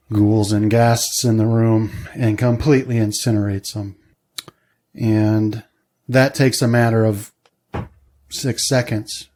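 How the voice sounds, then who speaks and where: A man with a voice on the low side serves as game master for a tabletop game, describing scenes in a relaxed manner with plenty of fillers.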